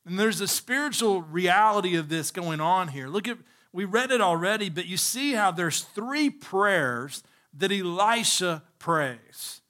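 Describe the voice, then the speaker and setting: A male pastor delivers a sermon with a bright, forceful voice pitched a little high. He preaches emphatically, pausing to pose rhetorical questions to his listeners. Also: expressive.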